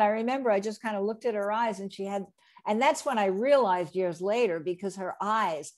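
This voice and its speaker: Woman in her sixties, from New Jersey, interview guest, lively storyteller, mid-pitched voice. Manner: lively anecdote telling, acting out quoted people. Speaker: interview guest, re-recording mixer.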